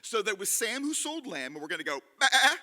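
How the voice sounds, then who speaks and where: A man telling a story live to an audience in a hall, animated and leading them in call-and-response. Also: high-pitched, fast talker.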